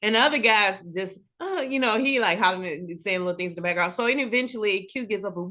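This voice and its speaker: Bright-voiced woman recapping a show. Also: medium pitch, fast talker, few pauses. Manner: animated storytelling, acts out characters' lines. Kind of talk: casual chat.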